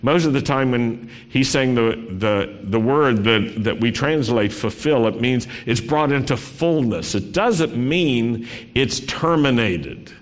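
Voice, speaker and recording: Taking his time, a male pastor delivers a conversational sermon in an expressive, medium-pitched voice, reading scripture with dramatic flair. The recording rings with the long reverb of a large hall.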